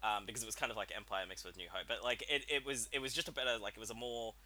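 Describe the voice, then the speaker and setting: A man co-hosting a podcast film review in casual chat, joking around and halting with restarts. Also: mid-range voice, fairly even intonation, bright, forceful tone.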